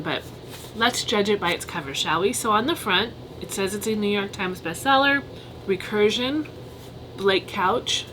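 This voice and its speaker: A woman with a mid-range voice talks through her reading in a relaxed vlog. She is chatty and candid, and she gives blunt opinions as she thinks aloud. A faint ambient hum sits behind her. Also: mid-range voice, rough recording. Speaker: book vlogger. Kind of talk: casual book review vlog.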